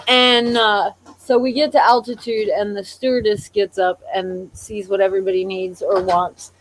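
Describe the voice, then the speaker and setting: A woman's voice: mid-range voice, fairly even intonation, normal speed, slight background noise, rough recording. A woman co-hosting a casual chat, telling anecdotes and admitting she is a nervous traveler. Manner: storytelling, admits nervousness, acts out quotes. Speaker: co-host.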